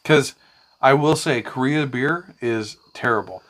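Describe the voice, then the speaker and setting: A man's voice: medium pitch, a little slow. A man casually telling a long, rambling story in a podcast chat, swearing freely. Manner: rambling, profane, animated anecdotes. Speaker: podcast co-host.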